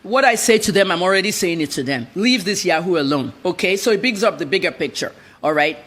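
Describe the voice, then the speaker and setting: A woman's voice: on the low side, lively intonation, a little fast, a bit bright. Blunt, emphatic woman journalist. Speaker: journalist guest. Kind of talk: TV news interview answers.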